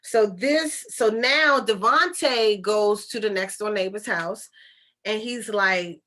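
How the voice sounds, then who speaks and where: A woman's voice: mid-range voice, slow pace, bright, forceful tone. A woman retelling a story in a casual monologue, chatty and incredulous, with rhetorical questions and informal speech. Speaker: channeler and storyteller.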